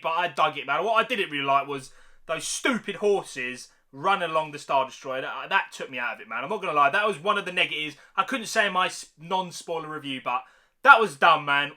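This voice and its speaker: This young man's voice is on the high side as he delivers an excited, casual film review loaded with slang. He repeatedly tags his sentences with "mate" and "man."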